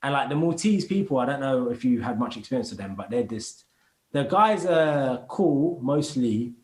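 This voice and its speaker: A man's voice: mid-range voice, normal speed, reverberant, rough recording. A man, a podcast guest chatting casually in heavy street slang and acting out other people's voices as he tells stories. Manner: animated storyteller, acts out other people's voices.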